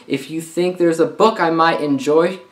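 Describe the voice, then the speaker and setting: A man's voice: fairly high pitch, normal speed. A man giving a casual, conversational book review on his channel, talking freely with frequent filler sounds. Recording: roomy echo.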